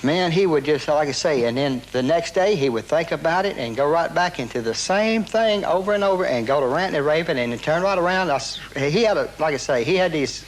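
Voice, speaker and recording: Man, interviewee, slightly high voice, animated storytelling, repeats himself, faint room noise. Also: fairly quick, few pauses, poor audio. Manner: animated retelling, heavy quoting, repeats and restarts, swears.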